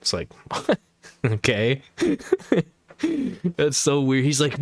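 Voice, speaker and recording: A man chats loosely on a livestream, peppering his stories with slang, swearing and bursts of laughter. His voice sits at an ordinary pitch. The sound is dry and close, with no room echo. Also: huge pitch swings, drawn-out words. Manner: slangy, profane storytelling with frequent laughter. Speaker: livestream host. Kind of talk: casual chat.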